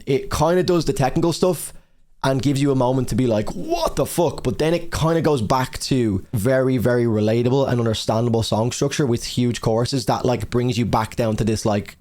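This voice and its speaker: A man's voice: medium pitch, a little mellow. Young man, music reviewer, casual countdown, rambling, lots of fillers, swearing.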